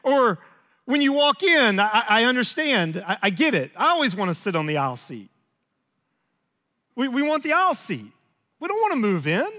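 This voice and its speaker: A man's voice: very high-pitched, very animated, normal speed, long pauses, sharp tone. A man in his forties preaching a sermon as a pastor, telling stories about himself in a conversational, self-deprecating way. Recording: long hall reverb.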